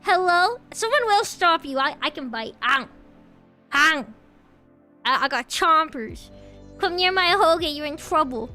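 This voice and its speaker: Bubbly high-voiced woman streamer. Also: lively intonation, pushed and bright. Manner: bubbly, giggly, playful, quick to tease chat. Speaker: live streamer. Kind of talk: casual live-stream chat greeting viewers. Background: faint background music.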